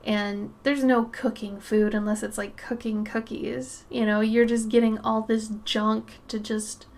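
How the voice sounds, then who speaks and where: Slow-talking Minnesota woman chatting on stream. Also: a little high, little pitch movement. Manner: chatty, laughs often, trips over words. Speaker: art livestream host. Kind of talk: casual livestream chat with viewers.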